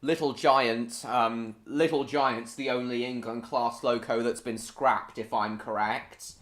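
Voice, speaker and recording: A man hosting a live stream, chatting casually and excitably, often correcting himself. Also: mid-range voice, slow, reverberant. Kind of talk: casual chat over videos.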